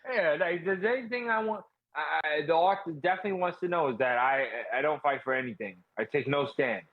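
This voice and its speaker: A young man co-hosting a podcast in relaxed, halting, slangy chat. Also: fairly high pitch, no room sound, phone-quality sound. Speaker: podcast co-host. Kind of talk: casual chat.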